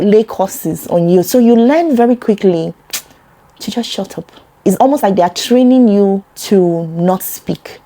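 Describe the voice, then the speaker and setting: A Nigerian woman talking earnestly to camera about a personal topic, getting animated when she quotes other people. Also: medium pitch, unhurried. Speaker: vlogger.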